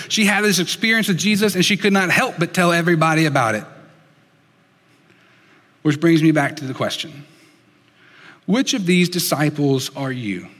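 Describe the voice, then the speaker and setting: A man preaching a sermon in an earnest storytelling way, dropping soft and slow for emphasis. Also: a little high, long reverb tail. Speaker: pastor.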